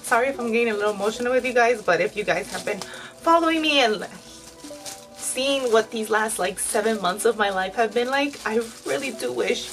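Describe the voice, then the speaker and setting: A woman's voice: fairly high pitch, moderate pace, fairly bright tone, faint music behind, low-quality recording. A woman in her thirties chatting candidly to her viewers while she dyes her hair, fillers all through. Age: 30s. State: tearful at times. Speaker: vlogger. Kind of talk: casual chat while dyeing her hair.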